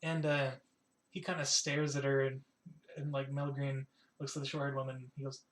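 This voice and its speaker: A man's voice: medium pitch, monotone, normal speed, roomy sound. A young man narrating a tabletop game as game master, rambling with many fillers.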